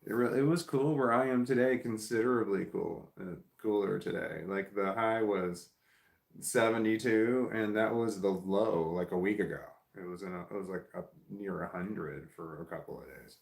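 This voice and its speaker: A middle-aged man with a lowish, gravelly voice chats casually with live viewers at a moderate pace, reading their comments. He rambles, restarts sentences and swears offhandedly. The recording has a roomy echo.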